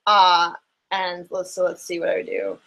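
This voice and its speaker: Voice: mid-range voice, level tone, moderate pace, creaky, sharp tone, poor audio. A fiddle teacher giving a casual online lesson into a computer microphone, thinking aloud and counting and humming rhythms.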